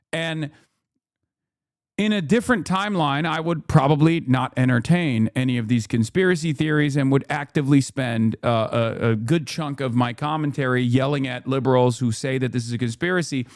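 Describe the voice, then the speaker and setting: A man's voice: on the high side, no echo, clean studio sound. A man streaming a casual commentary rant, emphatic and profane, stumbling over fillers and restarts.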